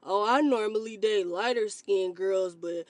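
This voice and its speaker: A woman's voice: mid-range voice, a little slow, no echo, pitched below the performer's own voice, lightly acted. A woman mimicking a smug colorist date. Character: smug young man on a date, casually colorist.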